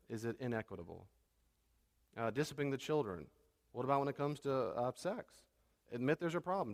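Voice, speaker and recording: A man's voice: medium pitch, in a large hall. A middle-aged man preaching a sermon as a pastor, talking conversationally and repeating key phrases.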